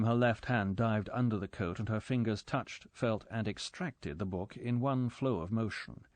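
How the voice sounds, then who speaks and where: A man narrating a spy thriller audiobook in a measured, steady storytelling voice. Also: on the low side, no echo. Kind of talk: scripted narration.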